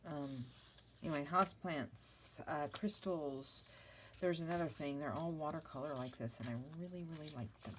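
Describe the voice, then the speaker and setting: There's slight background noise as a middle-aged woman talks through her papercraft vlog at a normal speed. Her voice sits low, and her casual chat wanders, full of apologies and self-deprecating remarks.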